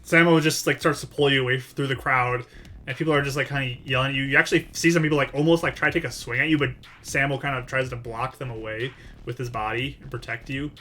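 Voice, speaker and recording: A man's voice: medium pitch, steady tone, fast, sharp tone, slight background noise. A man narrating as game master in a tabletop role-playing session, loose and full of fillers.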